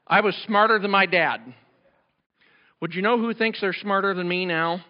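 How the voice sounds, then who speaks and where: Middle-aged guy preaching, loud and fired up, voice cracking, kinda high voice, muffled lo-fi sound. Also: normal speed. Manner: loud and passionate, conversational asides. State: voice cracking from overuse. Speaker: pastor. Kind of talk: sermon. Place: church sanctuary.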